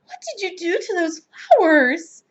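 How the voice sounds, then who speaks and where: A fussy, easily exasperated hostess from a children's storybook, voiced by a woman reading aloud. She exclaims in a shrill voice that is pitched high and swoops widely. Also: very animated, normal speed, a bit bright, muffled recording.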